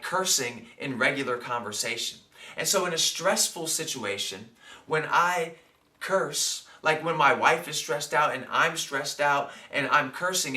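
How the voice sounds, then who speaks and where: This vlogger's fairly high, sharp-toned voice carries a casual look back on his day, peppered with fillers and repeated "right?" tag questions. The mic sits at a distance, so the audio sounds roomy.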